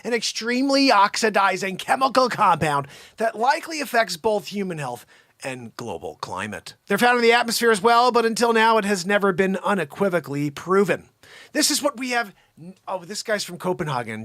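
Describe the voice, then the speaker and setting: A man with a high, bright voice that swings all over the place, hosting a comedy livestream. He riffs jokily on the news and often bursts into shouting. The sound is close and dry, with no room around it. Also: moderate pace, no room sound. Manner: animated, jokey, breaks into shouting. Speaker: host.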